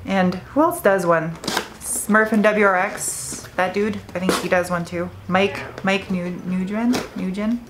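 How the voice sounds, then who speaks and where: A young woman hosting her car vlog, talking casually and getting excitable as she opens gifts from viewers. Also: mid-range voice, a little slow, noisy background. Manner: chatty, excitable when unboxing gifts. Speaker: car vlogger and host.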